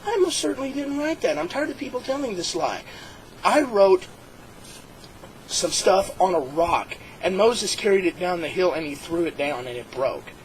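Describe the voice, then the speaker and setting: A man voicing a casual, offhand male God with a deadpan manner. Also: high-pitched, normal speed, slight background noise, low-quality recording. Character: laid-back male God, casual and dry.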